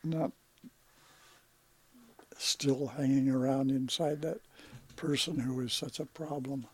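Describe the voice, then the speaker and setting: A man in his eighties, a podcast guest in casual conversation, talking slowly with halting, trailing sentences and sounding tired. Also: mid-range voice, fairly even intonation, slightly rough. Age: 80s.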